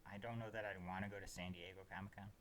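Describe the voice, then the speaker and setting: A man's voice: sits low, steady tone, racing, a bit bright, a little hiss or hum. A man co-hosting a casual podcast chat about comics, easygoing and a bit hesitant, often restarting his sentences. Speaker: podcast co-host.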